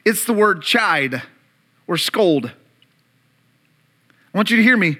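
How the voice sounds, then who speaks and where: A man preaching a sermon as pastor, animated, acting out voices to an audience in a church room. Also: high voice, takes it slowly. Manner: animated preaching, acts out disciples' panic and Jesus' calm.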